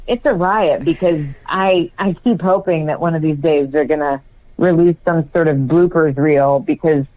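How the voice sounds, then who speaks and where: Woman guest, low register, laughing self-deprecating anecdote. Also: darkish tone, low-quality recording. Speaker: actress guest. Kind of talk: interview anecdote.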